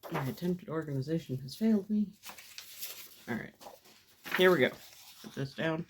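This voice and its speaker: A mixed media artist describes her gel plate printing as she goes, chatty and self-deprecating with frequent laughs at herself, in her home craft studio. Her low-pitched voice has vocal fry, a moderate pace and frequent pauses, and there's background noise.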